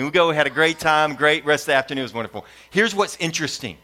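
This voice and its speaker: A middle-aged pastor tells a family story during a sermon, acting out voices and building his points through repeated lists in a repetitive preaching cadence. He talks fast, and his slightly high voice has a bright, forceful tone.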